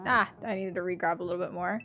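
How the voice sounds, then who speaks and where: A woman streaming a platform game, chatting with her viewers, laughing a lot and yelling loudly when she fails. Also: fairly low pitch, steady tone, quick pace, lo-fi sound, soft background music. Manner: chatty, laughs often, bursts into loud yells at failures. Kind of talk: casual live-stream commentary.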